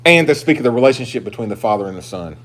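A man pastor preaching a sermon, emphatic and swinging between loud declarations and hushed asides. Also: medium pitch, lively intonation, rapid-fire.

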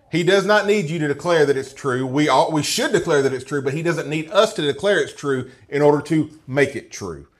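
A man's voice: fairly high pitch, a bit bright. A man teaching through a Bible passage to a class, reading verses aloud and often checking in with listeners by asking "okay?" or "right?". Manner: reads scripture passages aloud.

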